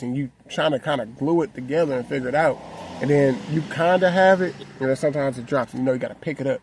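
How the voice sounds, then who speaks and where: A man's voice: mid-range voice, quick pace, a little mellow, slight background noise. A man in a parked car, talking earnestly and heartfelt to his viewers in a casual, conversational way. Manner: earnest, heartfelt, conversational with frequent "you know what I'm saying". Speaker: vlogger. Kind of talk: reflective personal talk to camera.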